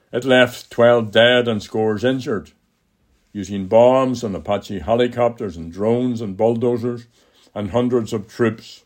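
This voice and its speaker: An older man with an Irish accent, reading his own political column aloud in a measured, deliberate way. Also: lowish voice, darkish tone.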